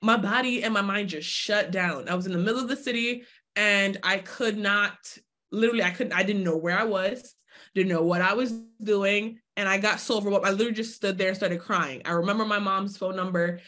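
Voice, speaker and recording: A woman's voice: mid-range voice, a little fast. Woman in her 20s doing a live online workshop, chatty, mid-range voice, asks folks to drop comments in the chat. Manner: lively, acts out her own inner voice in quotes; addresses viewers directly, asks for chat replies. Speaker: summit speaker.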